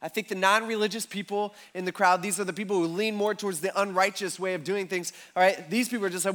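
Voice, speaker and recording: Animated high-voiced man preaching. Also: fast talker, hardly any pauses. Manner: animated storytelling, acting out crowd voices. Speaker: pastor. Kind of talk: sermon.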